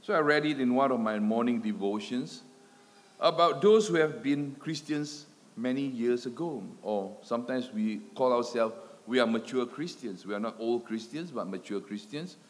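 A man's voice: medium pitch, moderate pace. A man preaching a sermon, swelling and dropping his volume with emphatic repetition, in a church hall. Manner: dramatic swells and drops in loudness, emphatic repetition. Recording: long hall reverb.

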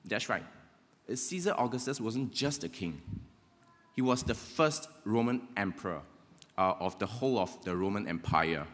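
Low-voiced pastor preaching. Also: male voice, lively intonation, normal speed, fairly bright tone. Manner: conversational, with frequent "right?" check-ins. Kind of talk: sermon. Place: church hall. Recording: long reverb of a church hall.

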